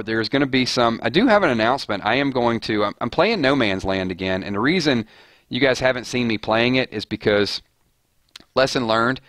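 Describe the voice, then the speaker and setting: A man hosting a casual live stream, talking in a slightly low voice. He rambles and restarts his sentences often. The sound is dry and close, with no room echo. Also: a bit bright. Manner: rambling, with frequent restarts and filler. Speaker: host of a live show about a TV series.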